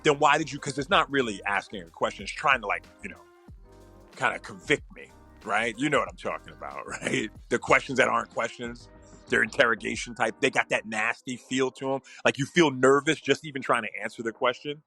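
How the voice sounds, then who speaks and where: A man's voice: medium pitch, fairly quick, creaky, bright, forceful tone, soft background music. A man, a psychologist hosting a podcast, giving casual relationship advice and acting out what partners might say to each other.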